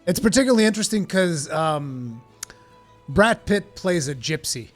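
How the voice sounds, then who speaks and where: A man's voice: fairly high pitch, expressive, moderate pace, soft background music. A man streaming a game, chatting casually and rambling with plenty of swearing. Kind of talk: casual live-stream chat.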